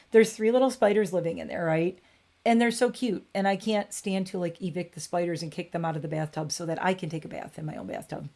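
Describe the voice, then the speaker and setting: A woman's voice: fairly low pitch, darkish tone. Chatty woman on a home livestream. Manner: chatty, rambling, coos at her cat. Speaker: beauty livestream host. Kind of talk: casual livestream chat. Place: home bathroom.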